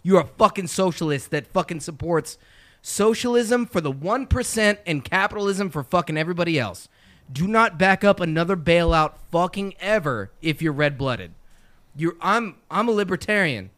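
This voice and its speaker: A man with a fairly high voice ranting in a casual podcast conversation. He swears nearly every sentence and pushes his points hard and angrily. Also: animated, normal speed, a bit bright. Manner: profane angry ranting. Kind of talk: heated casual chat.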